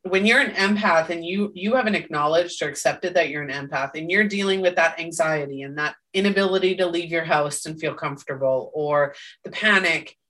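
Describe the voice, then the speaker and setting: Woman co-host, bright and emphatic, casual podcast talk, recorded a bit off-mic. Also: on the low side, distant mic. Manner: emphatic, tags statements with "right?".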